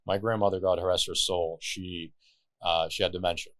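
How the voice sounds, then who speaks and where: A man with a very deep voice talks as a podcast guest, telling stories with an animated, loose manner and casual swearing. His voice is recorded dry and close, with no room sound. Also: moderate pace, no echo. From Lebanon.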